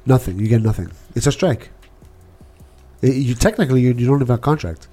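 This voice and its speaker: A man's voice: mid-range voice, brisk, faint music behind. A man co-hosting a casual stream, rambling and joking as he tells stories. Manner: joking, rambling, animated storytelling. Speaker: stream co-host.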